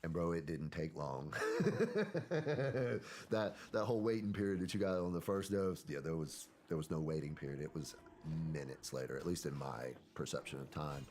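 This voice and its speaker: A man, a podcast guest, telling a personal story in a soft-spoken, hesitant way that often trails off. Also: very deep voice, a little hiss or hum.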